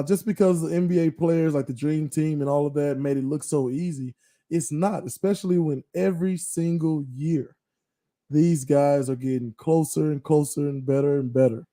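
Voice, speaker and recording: A man's voice: fairly high pitch, dark tone. A man hosting a casual sports podcast, reflective and teasing, often tagging his points with "right?". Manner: reflective, teasing, uses filler words like "right?". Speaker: podcast host.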